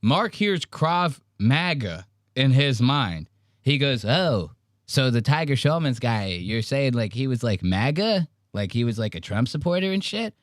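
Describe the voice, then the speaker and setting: Animated, profane male podcast host. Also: medium pitch, a little slow, no room sound, clean studio sound. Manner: animated, profane, acts out quotes in varied voices. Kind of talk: casual commentary on clips.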